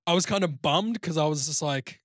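A man's voice: fairly high pitch, a little fast, a bit bright, no echo, clean studio sound. A man with an Australian accent, co-hosting a podcast and telling a long, crude story full of swearing and "like". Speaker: podcast co-host. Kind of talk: casual chat, rambling anecdote.

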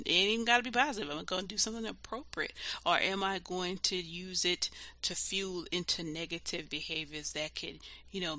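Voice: medium pitch, sharp tone. A podcast host talking alone in a loose, conversational way, blunt and full of swearing, and emphatic and heated when making a point. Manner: loose conversational filler talk. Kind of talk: solo podcast monologue.

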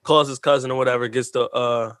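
A man's voice: mid-range voice, fast talker, dry recording, clean studio sound. A man in casual profane chat, breaking down a movie scene by scene and acting out its lines. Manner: animated, acts out scenes, profane. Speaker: movie discussion co-host.

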